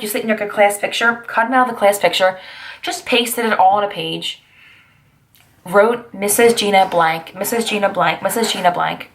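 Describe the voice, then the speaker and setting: A woman's voice: medium pitch, fairly bright tone. A woman in her twenties talking through personal memories in a chatty, rambling vlog, breaking into sassy asides along the way. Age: 20s. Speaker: vlogger.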